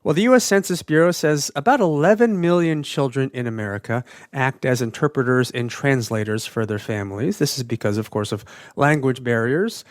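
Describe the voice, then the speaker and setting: A man's voice: mid-range voice, fairly quick, few pauses, no echo, clean studio sound. A man hosting a radio interview, asking questions in an inquisitive way.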